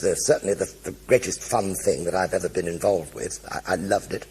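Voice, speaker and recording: Gravelly older man telling stage stories. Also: fairly low pitch, a little hiss or hum. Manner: animated storyteller acting out every voice. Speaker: stage performer. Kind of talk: one-man show anecdotes. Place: live stage before an audience.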